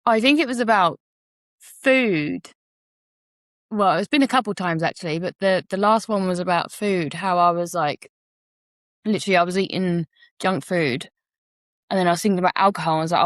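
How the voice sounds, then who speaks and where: A woman's voice: on the low side, moderate pace, pauses often, dry recording, clean studio sound. Candid, laughing woman co-host. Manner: candid storytelling with laughter and swearing. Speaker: podcast co-host. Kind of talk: casual conversation.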